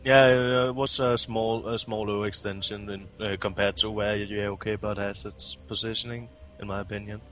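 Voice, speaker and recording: A man's voice: fairly low pitch, little pitch movement, moderate pace, hardly any pauses, a bit bright. A man co-commentating a competitive video game match, breaking down plays analytically with hesitations and restarts. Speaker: esports co-commentator.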